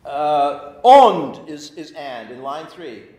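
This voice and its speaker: Animated man lecturing in an echoey room. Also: on the high side, slow. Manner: animated, stops and restarts often. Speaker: teacher of an adult class. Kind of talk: informal lecture with reading aloud. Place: church classroom.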